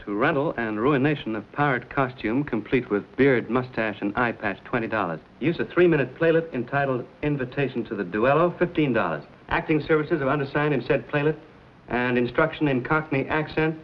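An actor playing a confident young frontier hero in a 1950s TV western, plain-spoken and dry-humored. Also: male voice, medium pitch, brisk, a little hiss or hum, lightly acted. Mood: wry. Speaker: narrator. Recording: dull lo-fi 1950s TV soundtrack.

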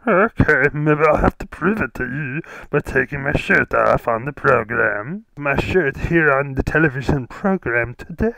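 A man's voice: medium pitch, expressive, normal speed, gravelly, hardly any pauses, bright, forceful tone, no echo, poor audio. A man in an improvised comedy sketch playing an earnest, rambling guest whose clothes keep disappearing.

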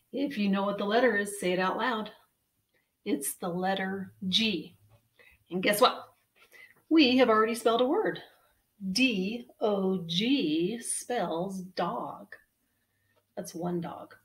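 A woman's voice: medium pitch, distant mic. A woman librarian reading a picture book to children, enthusiastic and coaxing, with gasps of mock surprise. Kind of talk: storytime read-aloud for children. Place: at home.

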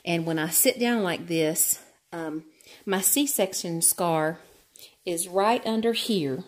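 A woman's voice: lowish voice, slow pace. A woman chatting candidly to camera on an exercise bike, a little out of breath, with lots of fillers. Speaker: vlogger. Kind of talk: casual talk to camera while cycling.

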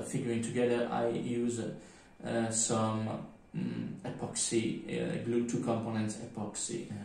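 A man with a French accent walks through a hands-on tutorial, pausing and searching for words as he works. His delivery is unhurried and at a middle pitch. The sound is roomy and distant, as if he stands away from the mic in a bare workshop. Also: vocal fry, a little mellow. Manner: halting, thinking aloud while working. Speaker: miniature painting tutor. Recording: echoey room, mic at a distance.

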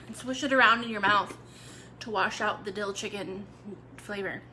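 A young adult woman hosts a cooking video as a casual live chat, her medium-pitched voice sharp in tone, fairly even in intonation, and moderately paced, with a little hiss or hum. She talks casually to viewers and tosses in playful asides.

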